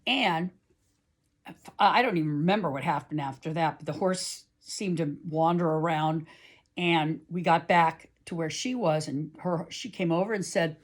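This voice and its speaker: A woman telling a personal story aloud to listeners in a chatty, animated way. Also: low-pitched, a little slow. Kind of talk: live oral storytelling.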